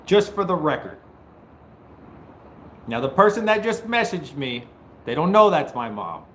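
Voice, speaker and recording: A man's voice: fairly high pitch, very animated, measured pace, a little hiss or hum. Joking man hosting a live stream. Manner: joking, bursts into loud mock-taunting. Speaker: livestream host. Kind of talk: casual livestream chat with viewers.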